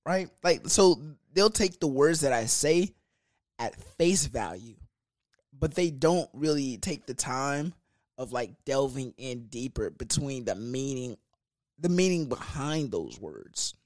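A young man hosting a podcast, telling a story in a casual, profane, animated way with laughs. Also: mid-range voice, slow, dry recording, clean studio sound. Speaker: podcast host.

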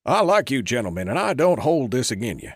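A man's voice: medium pitch, big pitch swings, a little fast, slightly rough, no echo. A man voicing a glib, falsely friendly young male drifter in an old-west audiobook, with folksy talk. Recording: dry close recording.

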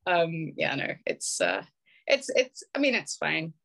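A woman's voice: low voice, sing-song, measured pace, creaky, a bit bright. Brief: chatty British woman, casual video-call conversation, laughs easily, plenty of fillers. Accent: British English. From United Kingdom.

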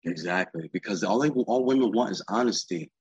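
A man's voice: low voice, animated, a little fast, darkish tone, breathy edge, no room sound, dull audio. A man talking as a guest in a candid, casual interview, streetwise and profane, rambling and often saying "you know what I'm saying".

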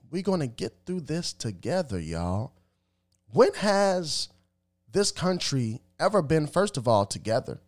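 A man giving emphatic, preachy commentary with religious references, often repeating words as he stumbles. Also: medium pitch.

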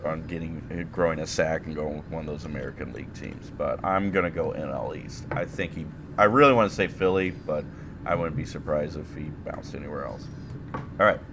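A man's voice: a bass voice, fairly quick, noisy background. A man co-hosting a casual sports podcast, joking and swearing through the banter. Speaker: podcast co-host.

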